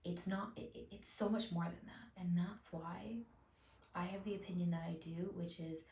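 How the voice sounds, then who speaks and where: A woman vlogging to camera in a soft, often half-whispered, emotional way, set back from a camera mic. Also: on the low side, steady tone, moderate pace, distant mic. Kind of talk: heartfelt vlog monologue. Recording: roomy sound from off the mic, faint noise.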